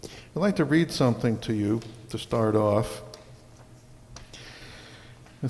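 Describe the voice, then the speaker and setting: A man preaching a sermon as pastor, slow and deliberate, swelling louder on key words. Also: mid-range voice, animated, vocal fry, in a large hall.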